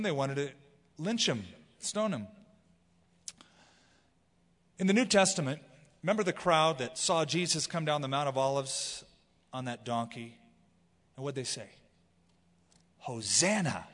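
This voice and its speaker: Male pastor, sermon delivery, expressive scripture reading, slightly high voice. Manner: expressive Bible teaching, reading scripture aloud. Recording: long hall reverb.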